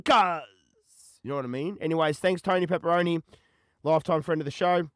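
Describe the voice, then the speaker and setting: Slangy Australian host, high dry voice. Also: male voice, brisk, clear, resonant tone, dry recording. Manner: slangy, sweary, rambling, tags lines with cuz and bro. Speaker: podcast host. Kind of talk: casual chat answering callers.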